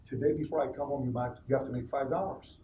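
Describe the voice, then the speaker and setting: Strict dad laying down the rule, a man doing him, firm and flat, roomy echo. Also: medium pitch, fast talker, slight background noise, natural voice. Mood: stern. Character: stern father testing his young son. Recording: echoey room, distant mic.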